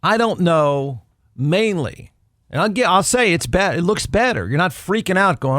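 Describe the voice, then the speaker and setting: Very animated and high-pitched, a Texas man runs his podcast alone, riffing on college football with snark and repeating points to drive them home. He talks at normal speed in a slightly bright voice, recorded clean in a studio with no room sound.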